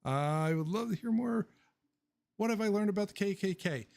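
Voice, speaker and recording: A man's voice: high-pitched, lively intonation, moderate pace, gravelly, a little mellow. A man hosting a casual livestream Q&A, rambling and joking, blunt with his opinions and laughing often. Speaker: livestream host answering viewer questions.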